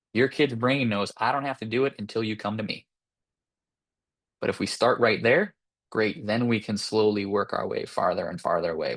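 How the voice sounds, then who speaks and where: Lowish-voiced man giving parenting advice. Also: fairly bright tone. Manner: conversational, with frequent tag questions and fillers. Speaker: clinical psychologist presenting to parents. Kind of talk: informal lecture.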